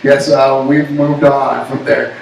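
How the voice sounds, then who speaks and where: A man from Canada co-hosting a casual pop culture show, bantering and joking in an animated way. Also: medium pitch, takes it slowly, vocal fry, recorded from a distance, slight background noise. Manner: joking, animated, jumps into bits and shouts. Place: pub. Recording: echoey room, voice from off mic.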